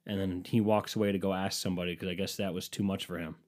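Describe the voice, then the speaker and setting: A man's voice: sits low, little pitch movement, fast, a little mellow. Profane, rambling man telling a story. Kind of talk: casual comedic storytelling.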